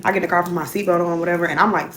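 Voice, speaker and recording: A woman's voice: lowish voice, fairly even intonation, rapid-fire, a bit bright, slight background noise. A young woman telling a casual storytime, slangy and loose, filling her speech with "like" and "whatever".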